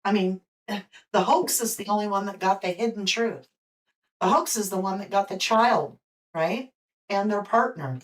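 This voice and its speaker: A woman hosts a casual live tarot reading and chats openly with her audience as she lays out her theories. Her voice has a middling pitch and sits a little distant from the microphone. She keeps hiccuping through the session. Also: a little slow. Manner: chatty, warm toward viewers, speculative. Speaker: host and tarot reader.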